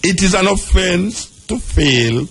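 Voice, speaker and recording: A Jamaican radio host reading out a legal text, breaking into patois asides between the clauses. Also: male voice, high voice, expressive, slow pace, fairly bright tone, husky. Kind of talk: reading and commenting on a law.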